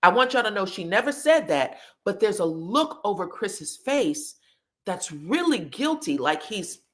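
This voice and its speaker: Sassy, animated woman recapping gossip. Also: mid-range voice, unhurried. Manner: animated, sassy, profane storytelling. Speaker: host. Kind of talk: reality TV recap commentary.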